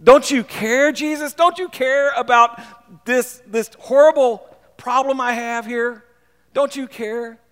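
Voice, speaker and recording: Preacher guy doing a fed-up bossy woman, high and pleading, echoey hall. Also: slow, fairly bright tone, smooth, exaggerated voice. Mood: exasperated. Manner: pleading, accusing. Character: exasperated complaining woman, demanding.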